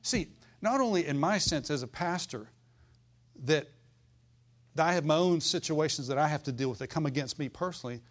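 A man's voice: on the high side, animated, a little fast. A pastor preaching to his church. He is folksy and fiery and keeps asking the congregation for an amen. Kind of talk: sermon.

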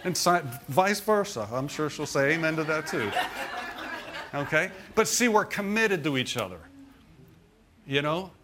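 A man's voice: a little high, lively intonation, unhurried, pauses often, noisy background. A middle-aged man preaching a sermon, telling a personal testimony in a conversational way and checking in with the congregation with frequent asides. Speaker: pastor.

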